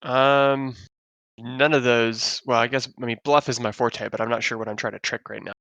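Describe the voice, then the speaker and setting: A man's voice: medium pitch, little pitch movement, moderate pace, sharp tone, no echo. A man playing a tabletop game, asking questions and planning his move in a hesitant way. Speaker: player. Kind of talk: casual tabletop game chat.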